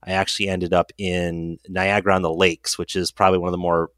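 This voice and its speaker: A man with a very low voice talks casually as a guest, explaining in a relaxed way. The sound is dry and close, with no room around it. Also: a little fast, clean tone, no echo. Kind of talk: casual interview talk.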